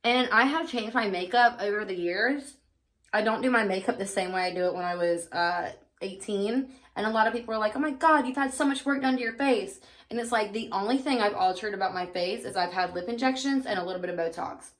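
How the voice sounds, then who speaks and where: Bright-voiced chatty woman vlogger. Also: medium pitch, brisk. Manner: chatty, candid, many fillers. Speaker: beauty vlogger. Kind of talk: casual get-ready-with-me chat.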